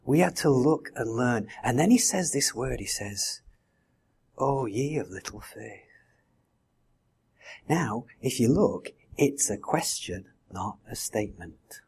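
Husky kiwi pastor guy preaching, chatty, keeps asking the crowd questions. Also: medium pitch, lively intonation, slow pace, a little mellow. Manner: conversational, with rhetorical questions. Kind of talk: sermon.

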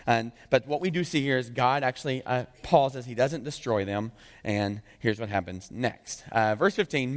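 A man's voice: mid-range voice, animated, normal speed. A man in his thirties, a pastor giving a casual, joking sermon and often checking in with "right?". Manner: conversational and jokey, keeps asking "right?". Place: church sanctuary. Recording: echoey church hall.

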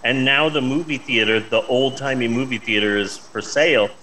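A man co-hosting a casual chat show, animated and swearing freely. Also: medium pitch, moderate pace, a little hiss or hum, poor audio. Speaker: co-host.

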